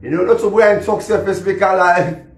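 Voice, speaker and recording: Sierra leonean guy going off on a livestream, kinda high voice, echoey room, keeps repeating himself. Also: fairly even intonation, moderate pace. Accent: Sierra Leonean Krio English. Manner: rambling, repetitive, laughs between lines. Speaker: musician and social media personality. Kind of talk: casual live-stream rant.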